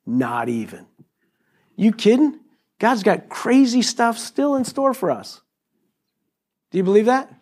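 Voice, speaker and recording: Male pastor, middle-aged, lively and jokey sermon delivery, fairly high voice. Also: slow pace, long pauses. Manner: animated, jokey, acts out quotes in high voices.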